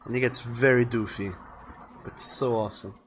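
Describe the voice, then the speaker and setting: A man's voice: medium pitch, fairly even intonation, moderate pace. A man chatting casually while drawing on a live stream, rambling and thinking aloud, often repeating words as he goes. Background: faint music playing.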